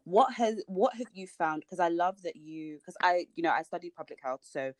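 Woman, deep voice, animated host, affirming, rambling, dry close sound. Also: normal speed, no echo. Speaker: podcast host. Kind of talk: podcast conversation.

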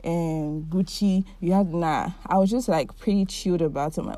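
A woman in her twenties hosts her own podcast, working through her feelings in a warm, heartfelt solo monologue peppered with "like." Her voice sits on the low side, moving at a moderate pace with hardly any pauses and no echo.

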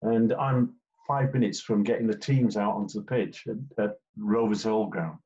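An older English man recalls his refereeing days in a chatty, anecdotal way. He slips into other voices when quoting players. His voice sits fairly low, and the recording sounds dull and lo-fi. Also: normal speed, dark tone. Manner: chatty storyteller, acts out quoted players. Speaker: former football referee. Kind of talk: interview anecdotes.

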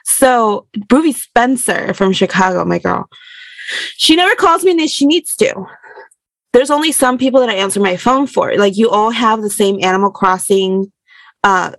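A woman, a burlesque performer, telling a story in an animated, rambling way full of fillers. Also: medium pitch, normal speed, dry recording. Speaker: guest. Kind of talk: casual storytelling.

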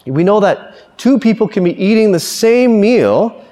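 A man giving a Catholic homily with animated, lively storytelling. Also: sits high, a little slow, big-room sound. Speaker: Catholic preacher. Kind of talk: sermon.

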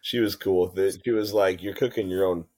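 A man with a very deep voice co-hosting a podcast. He tells stories in a relaxed, casual chat, with plenty of fillers and the odd swear word. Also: fairly quick. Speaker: podcast co-host.

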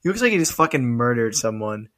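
A young man co-hosting a podcast, telling stories in a loose, animated way and swearing often. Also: mid-range voice, quick pace. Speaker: podcast co-host. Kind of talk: casual chat.

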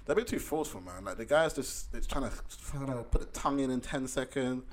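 A man's voice: mid-range voice, lively intonation, quick pace. A young man, chatting casually in slangy, laid-back banter. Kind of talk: casual chat.

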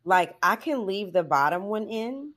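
A woman's voice: mid-range voice, lively intonation, unhurried, a bit bright. A middle-aged woman hosting a podcast, chatting casually with many "like"s and "you know"s and laughing often. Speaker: podcast host. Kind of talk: casual chat.

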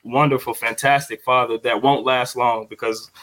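A young man co-hosting a podcast as a father, talking in a heartfelt, halting way with many fillers and repeated words. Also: medium pitch, steady tone, a bit bright. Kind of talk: heartfelt casual podcast talk.

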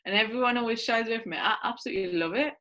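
Bright-voiced woman guest. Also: fairly high pitch, very fast. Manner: enthusiastic, rambling storyteller. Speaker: podcast guest. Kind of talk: casual chat.

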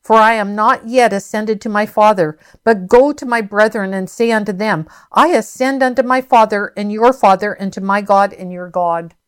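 A woman voicing a calm male divine teacher who speaks solemn words of parting. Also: medium pitch, moderate pace, few pauses, clear, resonant tone, lightly acted.

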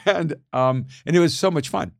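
A middle-aged man in a casual conversation, animated, laughing often and repeating words as he starts sentences. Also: on the high side, measured pace, vocal fry, dry recording, clean studio sound.

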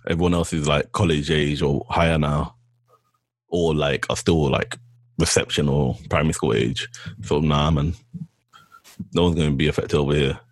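A young man, chatting casually with a friend, animated and teasing, laughing often. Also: rumbling low, moderate pace, pauses often, no room sound. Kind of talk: casual chat.

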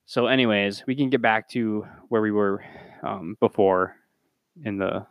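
A man's voice: measured pace, no echo. A man co-hosting a casual movie review podcast, swearing and exasperated as he recaps the plot. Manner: profane, exasperated, mimics characters in high voices. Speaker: podcast co-host. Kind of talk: casual film review chat.

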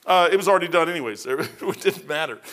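A man's voice: on the high side, lively intonation, quick pace, a bit bright. A middle-aged man, a pastor, giving a verse-by-verse sermon in a folksy, conversational way with personal stories.

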